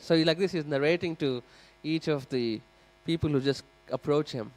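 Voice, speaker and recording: Animated man telling a temple story. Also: fairly high pitch, moderate pace, low-quality recording. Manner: animated, acts out the characters; addresses the audience directly. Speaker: speaker giving a scripture class. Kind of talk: sermon storytelling. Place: temple hall.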